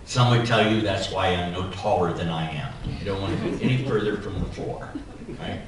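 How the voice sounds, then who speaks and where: A man giving a keynote speech as a society president, telling a personal anecdote in an animated, humorous way. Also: lowish voice, moderate pace, slight background noise. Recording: echoey hall, voice from far off.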